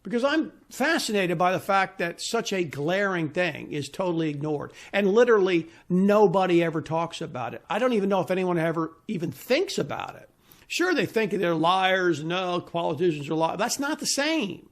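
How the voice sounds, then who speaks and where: A man's voice: sits high, sing-song, normal speed. A man giving an indignant, insistent solo opinion monologue as a commentator. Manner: indignant, ranting; emphatic, insistent.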